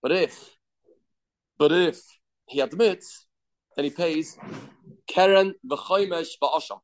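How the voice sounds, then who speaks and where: A man leads a daily Talmud class in a somewhat high voice. He works through the text step by step, posing questions and answering them himself, and weaves Hebrew and Aramaic terms into his English. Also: slow. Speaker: Talmud teacher.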